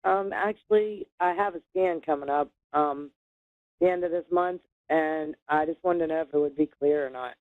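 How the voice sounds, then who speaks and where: A woman calling in to a psychic show, answering briefly and softly. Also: sits low, normal speed, no echo. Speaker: caller. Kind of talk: phone call-in. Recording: dry tinny phone line.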